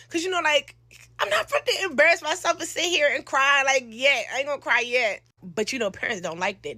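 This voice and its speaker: A young woman, telling a slangy, animated storytime into a close phone mic. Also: high-pitched, dry recording. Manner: animated, slangy, acts out quotes with loud shouts. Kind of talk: storytime monologue.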